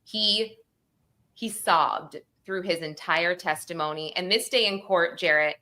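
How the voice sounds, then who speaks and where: Tearful, bright-voiced woman recapping a court hearing. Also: on the low side, measured pace. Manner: rambling, quotes people in acted voices. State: tearful, close to crying. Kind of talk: emotional casual discussion.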